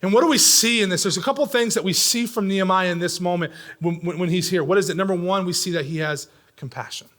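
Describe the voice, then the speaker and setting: A middle-aged man preaching a sermon in a church, swinging between loud, pressing lines and hushed, near-whispered ones. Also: high-pitched, fast talker, few pauses. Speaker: pastor. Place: church sanctuary.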